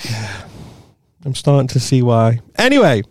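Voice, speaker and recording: A man's voice: mid-range voice, huge pitch swings, unhurried, a little mellow, dry recording, studio quality. A young man co-hosting a comedy podcast, chatting casually, swearing freely and laughing often. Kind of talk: casual chat.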